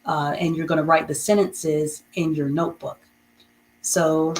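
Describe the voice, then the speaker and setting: A woman leads a beginner reading class, her voice low and her pace unhurried. She patiently repeats and spells out each word letter by letter. A faint hiss sits under the recording. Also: steady tone, poor audio. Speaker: reading teacher.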